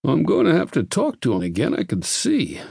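A man's voice: fairly high pitch, wildly swooping pitch, brisk, gravelly, darkish tone, husky, no room sound, studio quality, pitched above the performer's own voice, full character voice. A male narrator voicing an insistent, curious army doctor who presses with questions. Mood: probing.

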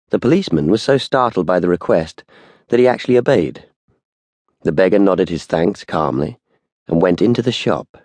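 Deep husky male audiobook narrator. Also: mellow, no echo.

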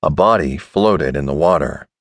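Deep-voiced male audiobook narrator. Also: gravelly, no room sound. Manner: measured, expressive reading. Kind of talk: scripted narration.

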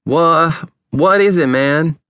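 A man doing a sullen high-voiced teen boy. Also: slow, pushed and bright, clean tone, no room sound. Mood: grumpy. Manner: sullen, clipped replies. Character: grumpy drowsy teenage boy camper.

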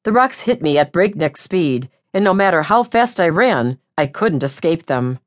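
A woman narrating a first-person audiobook in a wry, lively way. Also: lowish voice, moderate pace.

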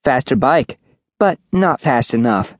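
A man's voice: medium pitch, animated, measured pace, no room sound, studio quality, voice pushed up, lightly acted. A man voicing a tough, terse young woman in an audiobook, curt and clipped. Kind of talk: audiobook character voice.

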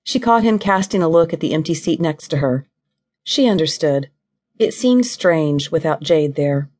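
Low-voiced woman narrating an audiobook. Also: animated, moderate pace, a little mellow. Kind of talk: scripted narration of a novel.

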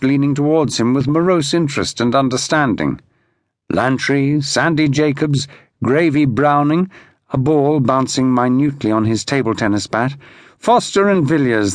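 Narrating an audiobook, this man uses a mid-range voice and a measured, expressive storytelling style. The recording is studio quality with no echo.

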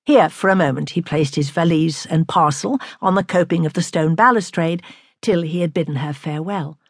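A woman narrating a classic novel in a measured, expressive way. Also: sits low, breathy edge, no echo, studio quality. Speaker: audiobook narrator.

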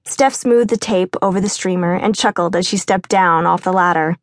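Reading scripted narration from a novel, this female audiobook narrator keeps a steady, measured storytelling pace. Her pitch is fairly low, and the studio sound is clean with no echo.

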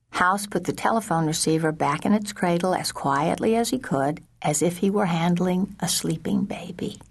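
A woman narrating a children's audiobook in a slow, measured storytelling manner, sometimes dropping to a hush. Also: fairly low pitch, slightly rough. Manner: slow, measured storytelling with soft hushed passages.

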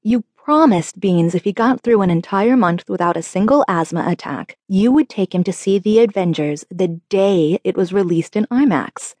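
A woman's voice: medium pitch, animated, moderate pace, hardly any pauses, a little mellow, no echo, close to an everyday voice. A woman narrator voicing a stern, scolding middle-aged father in an audiobook. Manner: firm, scolding. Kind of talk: audiobook character voice.

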